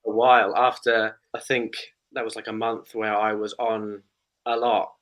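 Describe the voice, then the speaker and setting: Bright-voiced, hesitant guest man. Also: lowish voice, level tone, normal speed. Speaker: guest content creator. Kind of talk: casual chat.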